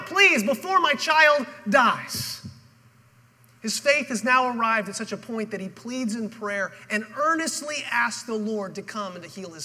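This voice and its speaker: High, bright-voiced man preaching. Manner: dramatic storytelling, acting out the people in the story. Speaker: pastor. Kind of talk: sermon. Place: church auditorium. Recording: long hall reverb.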